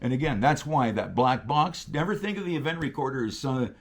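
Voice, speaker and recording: A man telling railroad stories in casual chat, animated and profane, acting out radio calls. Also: medium pitch, a little fast. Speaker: guest, railroader.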